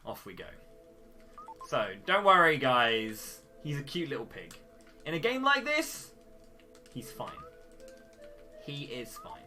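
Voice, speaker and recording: Brief: male speedrunner, bright forceful tone, jokey and theatrical delivery. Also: medium pitch, very animated, slow, pauses often, faint music behind. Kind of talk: live speedrun commentary.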